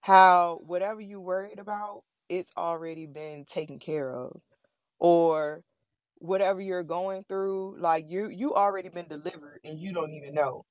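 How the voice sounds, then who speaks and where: A woman's voice: on the low side, normal speed, no echo, highs cut off. A woman co-hosting a faith podcast who speaks in emphatic, preachy affirmations. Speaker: podcast co-host. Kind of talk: casual faith podcast chat.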